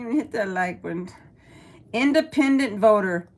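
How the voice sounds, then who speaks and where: Live-stream host, woman from El Paso, middle-aged, blunt and profane, a bit high-pitched. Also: unhurried. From El Paso, Texas. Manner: blunt, profane, talks back to chat. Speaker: livestream host reading chat. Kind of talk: casual live-stream chat.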